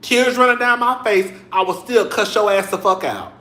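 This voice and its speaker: A young man giving sassy, animated commentary straight to his viewers in a casual vlog, full of cussing. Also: high voice, normal speed, roomy sound. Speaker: vlogger. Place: home room.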